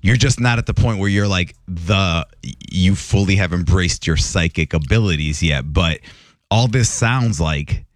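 A man's voice: sits low, measured pace, no room sound, studio quality. A man co-hosting a radio show, teasing and joking in casual banter. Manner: teasing, playful. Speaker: radio co-host.

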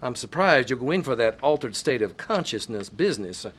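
An actor voicing a tender husband in a radio drama, quiet and reassuring. His voice is husky. His pitch moves in lively rises and falls. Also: a little fast. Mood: caring. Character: gentle, supportive husband. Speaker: the narrator's husband.

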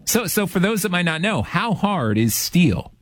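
Male radio host, call-in banter, dry jokes, fairly high pitch, lively intonation. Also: normal speed. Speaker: radio host taking calls. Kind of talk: joking call-in chat.

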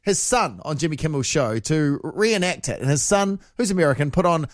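A chatty man with a New Zealand accent hosting breakfast radio, laughing his way through the banter. His voice sits a bit high. The studio sound is close and dry. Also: lively intonation, a little fast, dry recording. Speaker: radio host.

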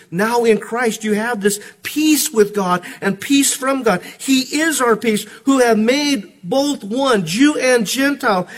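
A pastor preaching a sermon, swinging between hushed, earnest passages and ringing, emphatic calls. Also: male voice, high voice.

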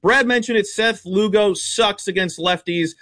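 Guy with a high voice breaking down baseball bets, blunt and fired up, dry studio sound. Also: no echo. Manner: fast, blunt, stat-heavy, animated. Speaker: sports betting analyst guest. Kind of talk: casual radio sports talk.

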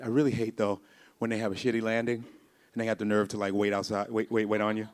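A man doing a stand-up comedy routine, animated and profane, shouting and laughing in bursts and slipping into high squealing impressions. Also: fast talker. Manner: slips into high-pitched impressions.

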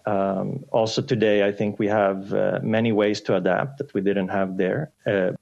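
A man's voice: lowish voice, little pitch movement, moderate pace, gravelly, darkish tone, lo-fi sound. A man answering interview questions as an economics professor, hesitant with many fillers, over a breaking-up remote line.

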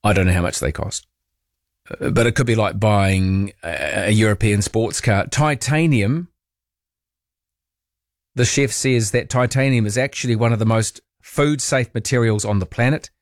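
Chatty New radio host, dry studio. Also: male voice, fairly low pitch, normal speed, dry recording. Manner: chatty, wry, asks listeners questions. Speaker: late-night talk radio host. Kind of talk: casual talkback chat. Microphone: studio microphone.

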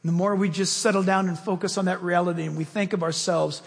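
A man preaching a sermon as pastor, telling stories with lively swings between loud emphasis and soft asides. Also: high voice, fast talker, gravelly, big-room sound.

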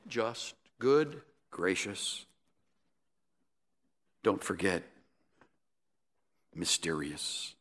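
A male pastor preaching a sermon in a measured, emphatic way. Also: lowish voice, fairly bright tone. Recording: echoey hall with long reverb.

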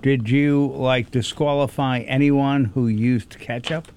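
A man co-hosting a radio show, adding drawn-out, thoughtful comments. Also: medium pitch, fairly even intonation, a little mellow, smooth. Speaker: radio co-host. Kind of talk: casual radio chat.

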